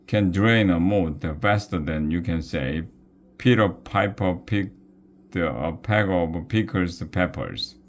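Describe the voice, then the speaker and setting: Man playing sputtering fussy old professor, lecturing, slow, storybook reading. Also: sits low, a little hiss or hum.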